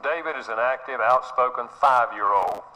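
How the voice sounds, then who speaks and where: A middle-aged man speaking on parenting delivers an earnest, sermon-like talk at normal speed, his mid-range voice pushed and bright. He repeats words often and acts out quotes in little scenes, and the recording quality is low.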